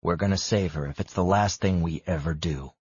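Male narrator as a blunt young guy, low, firm, husky, dry audiobook sound. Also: fairly quick, darkish tone, dry recording, muffled recording. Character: determined young man, brother, blunt.

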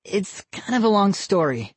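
A narrator voicing a frantic young boy who yells in a high, shrill voice. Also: sing-song, normal speed, slightly rough, dry recording. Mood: sheepish.

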